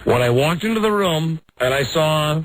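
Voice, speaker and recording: A middle-aged American man hosting a radio talk show, telling a self-mocking story in a lively, animated way. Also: fairly high pitch, moderate pace, no echo, poor audio. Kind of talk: casual on-air storytelling.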